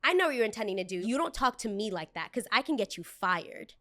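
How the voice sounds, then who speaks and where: A woman's voice: medium pitch, sing-song, fast, a bit bright, no room sound. A bossy, sneering young woman customer who talks down to the staff with cold entitlement, put on by a woman telling the story. Her voice sits in a middling register, and she speaks with a contemptuous edge. She is a podcast storyteller's version of a rude diner. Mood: condescending.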